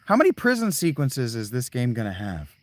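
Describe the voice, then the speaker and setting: A man's voice: medium pitch, wildly swooping pitch, fairly quick, no room sound. A man giving casual, rambling gaming commentary, cursing often and talking to himself. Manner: profane, rambling, talks to himself. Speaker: let's play streamer. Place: tent. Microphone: clip-on mic.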